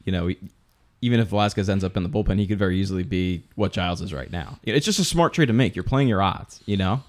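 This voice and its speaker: Rambling low-voiced man in sports chat. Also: fast. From Poconos, Pennsylvania. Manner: rambling, many restarts and fillers. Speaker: podcast co-host.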